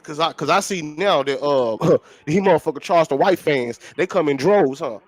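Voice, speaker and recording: High-voiced blunt man ranting. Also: normal speed, dry recording. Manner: blunt, profane, emphatic, repeats himself. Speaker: podcast co-host. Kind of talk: heated casual talk-show banter.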